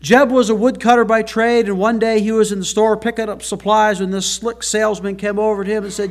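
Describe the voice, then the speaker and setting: A man preaching to a congregation in a church, his voice pitched a bit higher than most men's. He is earnest and folksy and asks rhetorical questions before answering them. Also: level tone, brisk, hardly any pauses. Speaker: pastor. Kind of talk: sermon.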